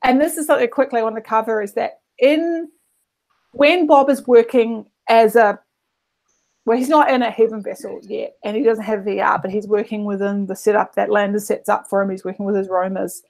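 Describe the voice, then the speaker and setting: Kiwi woman, book club podcast host, chatty, rambly, talks a little high. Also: fairly even intonation, brisk, gravelly, darkish tone. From New Zealand. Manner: rambling, self-correcting. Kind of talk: casual chat.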